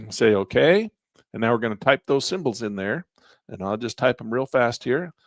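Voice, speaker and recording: A man leads a live trading class, explaining each step in a relaxed, conversational way. His voice is wearing thin, and he keeps clearing his throat. The sound is dry and close, with almost no room echo. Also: mid-range voice, normal speed. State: losing his voice. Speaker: trading instructor. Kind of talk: live online class walking through charting software.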